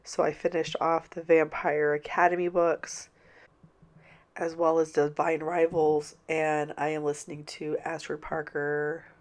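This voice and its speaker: A middle-aged planner vlogger, congested and stuffy-nosed from a cold, chats casually and apologetically in a rambling home voiceover recorded on a home mic. Her voice is low-pitched and flat, and she speaks unhurriedly.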